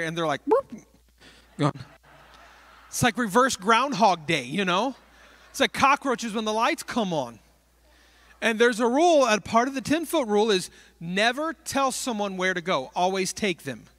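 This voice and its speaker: A man preaches with a high, bright, forceful voice that springs into acted-out exchanges as he tells his stories. The sound is close and dry, with almost no room echo. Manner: animated storytelling, acting out little dialogues. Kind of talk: sermon. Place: church.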